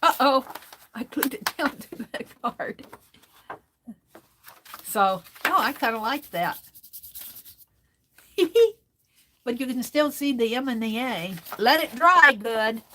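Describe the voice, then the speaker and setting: Slow, chatty woman crafting on a livestream. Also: fairly high pitch, expressive, pushed and bright, slight background noise. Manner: rambling, chatty, reads viewer comments aloud. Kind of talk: casual livestream crafting chat.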